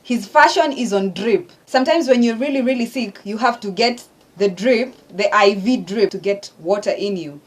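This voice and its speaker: A woman's voice: medium pitch, moderate pace. A woman hosting a reaction video who breaks down rap lyrics line by line in casual, profane, emphatic chat.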